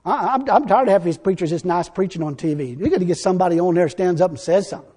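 A man preaching a fiery sermon, folksy and blunt, now and then breaking into shouts. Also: sits high, rapid-fire.

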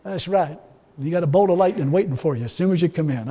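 A man with a notably high voice delivers a folksy, emphatic sermon. He swings from loud exhortation to quiet, wry asides, chuckling along the way. The sound carries a long reverb from a large hall. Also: fast, slightly rough. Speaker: preacher.

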